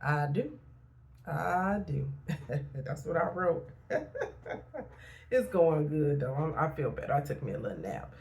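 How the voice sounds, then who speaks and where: A woman's voice: low-pitched, animated, normal speed, gravelly, a little mellow. A middle-aged woman, a therapist and life coach, talking frankly in a casual motivational vlog and repeating points for emphasis.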